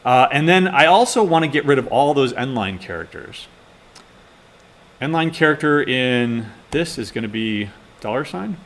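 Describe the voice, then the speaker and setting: Live coding in front of a class, this instructor talks casually and mumbles to himself while typing. He has an animated, slightly bright mid-range voice and keeps a moderate pace.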